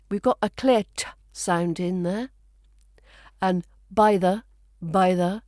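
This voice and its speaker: A woman with a British RP accent teaching pronunciation, speaking slowly and clearly and repeating each word for practice. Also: medium pitch, warm tone, no echo, clean studio sound. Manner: slow, carefully enunciated, repeats words for practice. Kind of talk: scripted accent lesson.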